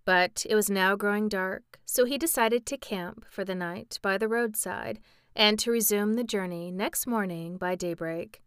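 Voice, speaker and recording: A woman narrating a classic children's story in a steady, clear reading voice. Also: mid-range voice, no echo, clean studio sound. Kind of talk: audiobook storytelling.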